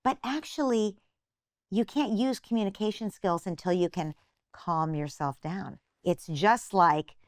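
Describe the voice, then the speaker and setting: A woman's voice: mid-range voice, measured pace, no echo, clean studio sound. An older woman, a psychotherapist being interviewed, patiently explaining parenting advice and acting out little imagined phrases. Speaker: guest psychotherapist.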